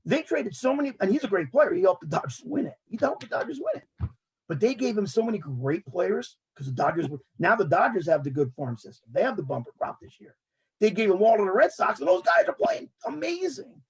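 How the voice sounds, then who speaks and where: A man, hosting a casual sports talk show and ranting in an animated way while mocking others' words. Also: high voice, a little fast, breathy edge, poor audio.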